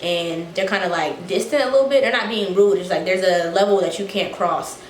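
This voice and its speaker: A woman's voice: lowish voice, fairly quick. Breathless young woman vlogging casually. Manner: animated, acts out quotes, swears freely. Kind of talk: casual storytime chat. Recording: echoey room, faint noise.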